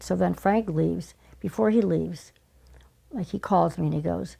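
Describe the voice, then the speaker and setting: An older woman telling stories as an interview guest, animated and conversational. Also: on the low side, measured pace, gravelly, breathy edge. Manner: animated, conversational, acts out remembered exchanges. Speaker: guest, former casting director. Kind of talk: storytelling in conversation.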